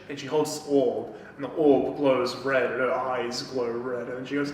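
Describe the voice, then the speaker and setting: A man co-hosting a podcast in casual chat, retelling a book's plot with lots of swearing and quick acted-out lines. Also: medium pitch, little pitch movement, recorded from a distance. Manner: swears a lot, acts out characters' lines. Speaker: podcast co-host. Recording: echoey room, off-mic, faint noise.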